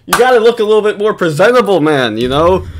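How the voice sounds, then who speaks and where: A man talks through a video in loose, sarcastic commentary, swearing freely and tripping over his own restarts. His voice sits a bit on the high side for a man. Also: sing-song, fast talker, crowd noise. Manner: rambling, laughing, sarcastic, lots of restarts. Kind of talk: casual profane commentary.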